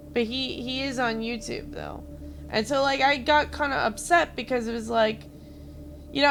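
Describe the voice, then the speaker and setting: A woman's voice: on the high side, vocal fry, a bit bright, a little hiss or hum. A woman streamer venting to her chat in a heated, rambling way.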